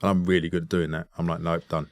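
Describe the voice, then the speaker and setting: A man's voice: deep voice, level tone, fast talker, dry recording, studio quality. A man hosting a podcast, earnest and reflective in casual chat, with casual swearing. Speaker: podcast host.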